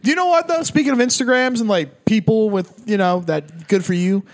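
A man co-hosting a podcast from Philadelphia, ranting in casual, profane chat and quick to mock. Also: high voice. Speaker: podcast co-host.

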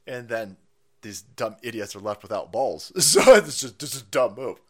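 A male streamer rants in a casual, profane way, mocking as he goes and laughing often. His pitch is lively and swings widely, jumping up when he slips into silly put-on voices. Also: normal speed, slightly rough. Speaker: political stream host. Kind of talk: casual ranting live stream.

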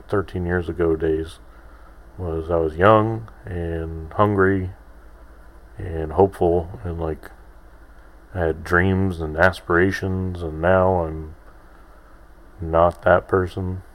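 Low-voiced guy in his 30s rambling slowly on his podcast, pokes fun at himself. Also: flat delivery. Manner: rambling, self-deprecating, many restarts. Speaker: podcast host. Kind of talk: casual solo podcast monologue.

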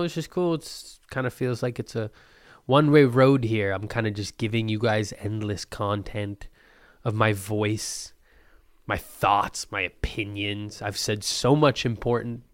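A man's voice: on the low side, no echo, studio quality. A man hosting a solo podcast, rambling in a manic, loopy, profane way, his throat still phlegmy from being sick. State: phlegmy throat after illness. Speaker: podcast host.

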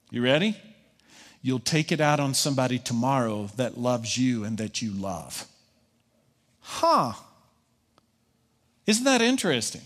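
A man's voice: mid-range voice, a bit bright, long reverb tail. A pastor preaching a conversational sermon, voicing his listeners' objections and answering them.

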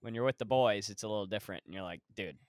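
A young man co-hosting a casual podcast, laid-back and quick to react. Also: lowish voice, no echo. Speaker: podcast co-host. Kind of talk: casual chat.

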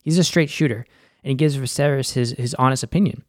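A man's voice: mid-range voice, fast talker, dry recording. Chill young guy breaking down a tv episode, swears a lot, says like a ton, dry close sound. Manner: laid-back and profane, full of "like". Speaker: film and TV recap host.

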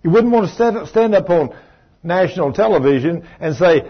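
A man's voice: a little high, moderate pace, husky. A man preaching a sermon in a folksy, emphatic way, with conversational asides to the congregation. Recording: dull lo-fi recording.

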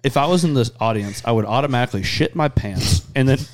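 A man hosting a podcast, chatting casually and crudely, rambling fast between jokes. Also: mid-range voice, expressive, no echo. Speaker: podcast host. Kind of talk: casual chat.

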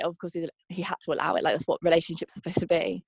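A woman's voice: fairly low pitch, flat delivery, rapid-fire, vocal fry, breathy edge, no room sound. Candid young woman, dry close sound. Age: young adult. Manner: candid, reflective, with frequent ums and likes. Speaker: interviewee. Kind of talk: personal testimony interview.

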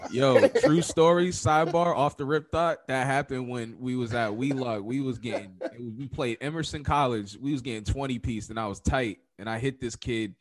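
A man co-hosting a podcast in casual chat, a slangy, excitable storyteller who swears freely. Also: mid-range voice, moderate pace, hardly any pauses, dry recording. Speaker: podcast co-host.

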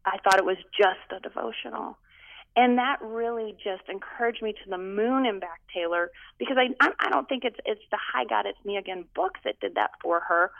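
Woman pastor talking over a phone line, gravelly voice, lively and emphatic, dry tinny sound. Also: medium pitch, no echo. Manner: animated, emphatic storytelling. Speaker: pastor and author. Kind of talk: phone interview guest.

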